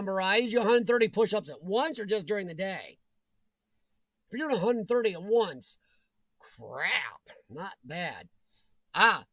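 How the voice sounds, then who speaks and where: A man's voice: high voice, fairly bright tone, dry recording. A middle-aged man hosting a casual live chat stream, reading viewer comments with jokey asides and frequent laughter. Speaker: livestream host.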